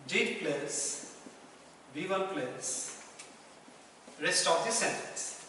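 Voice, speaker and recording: A man teaching a grammar lesson, explaining slowly and repeating phrases and examples. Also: high voice, a bit bright, slight background noise. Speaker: English teacher. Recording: echoey room, mic far off.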